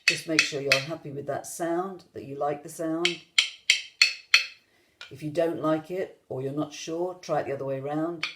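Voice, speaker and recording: A woman's voice: sits low, steady tone, moderate pace. A woman music teacher giving an online rhythm lesson, explaining patiently step by step to viewers at home. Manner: gentle, patient step-by-step instruction.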